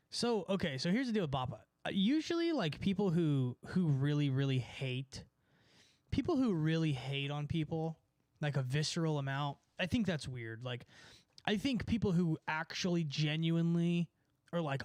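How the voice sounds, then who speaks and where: A man's voice: on the high side, dry recording. A young man from California in a casual, sarcastic rant, mocking people and laughing at his own points. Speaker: streamer. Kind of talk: casual ranting chat.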